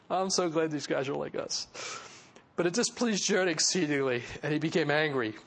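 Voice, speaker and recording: A male pastor teaching a Bible passage in a relaxed, talky manner, breaking into small chuckles and leaning on fillers as he explains. His voice sits a little higher than most men's. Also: normal speed, gravelly. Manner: conversational, chuckling asides, frequent "you know" fillers. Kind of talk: expository sermon.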